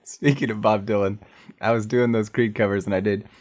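A man's voice: lowish voice, fairly even intonation, brisk, a little mellow. A man in casual group chat, playful and telling a story with laughter. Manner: playful, tells stories with laughter.

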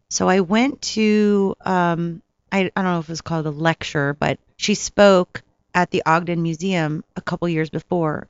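A woman, an actress, telling stories from set in a casual interview, animated and laughing often. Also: on the low side, clear, resonant tone, no room sound, dull audio. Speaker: actress, guest. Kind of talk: casual storytelling.

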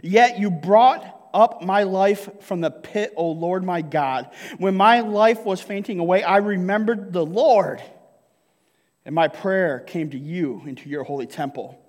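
High-voiced male pastor in a reverberant hall. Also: a little slow. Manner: jokey, keeps asking the congregation "right?". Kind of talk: sermon. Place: church sanctuary.

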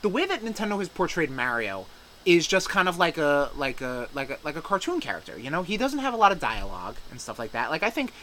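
A man co-hosting a loose podcast, riffing on gaming news with profane jokes and teasing banter. His voice is bright and forceful, sitting a little high. Faint ambience hums under the recording. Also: big pitch swings, quick pace, a little hiss or hum, rough recording. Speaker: podcast co-host. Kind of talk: casual gaming news chat.

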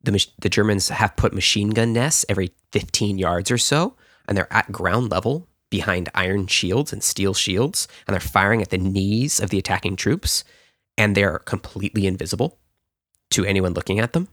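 A man with a very low voice walks the listener through a historical story like he's chatting with a friend. He backs up and restarts his sentences as he explains. The sound is dry and close, with no room around it. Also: normal speed, fairly bright tone, no echo. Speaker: podcast host.

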